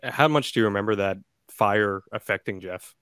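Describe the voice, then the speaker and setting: Low smooth-voiced male interviewer. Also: moderate pace, a bit bright, no echo, studio quality. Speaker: podcast co-host, interviewer. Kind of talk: interview questions.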